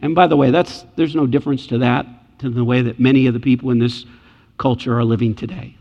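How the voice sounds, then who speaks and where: A man's voice: mid-range voice, fairly even intonation, quick pace, vocal fry, highs cut off. A man preaching a sermon, emphatic and repeating key phrases for weight. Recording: echoey hall.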